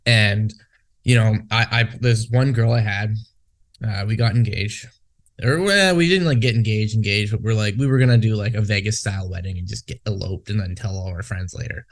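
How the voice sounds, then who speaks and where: A man's voice: on the low side, moderate pace. A man from Canada, talking in a casual podcast chat. He swears freely and rambles off on tangents. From Western Canada. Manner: profane, rambling, goes off on tangents. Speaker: podcast co-host.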